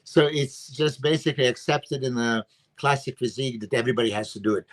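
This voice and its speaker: A man's voice: mid-range voice, quick pace. A man with an emphatic, filler-heavy way of talking, giving his views as a guest coach in a casual podcast chat over a video call. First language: Serbian. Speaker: bodybuilding coach and guest analyst.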